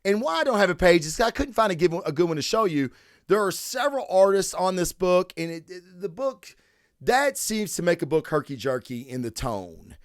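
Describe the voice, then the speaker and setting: A man's voice: sits high, big pitch swings, no room sound, clean studio sound. A man hosting a comic book review podcast, talking in a loose, profane, joking way and acting out scenes. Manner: loose, profane, jokey, quick to act out scenes. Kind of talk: casual comic review chat.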